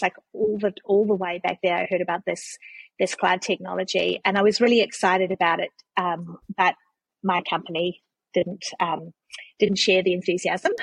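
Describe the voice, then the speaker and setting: A New Zealand woman, a charity CEO appearing as a guest in a casual interview, tells her story in a chatty, conversational way, with frequent restarts and laughs. Her fairly low voice has vocal fry and a breathy edge. The recording is rough but has no echo.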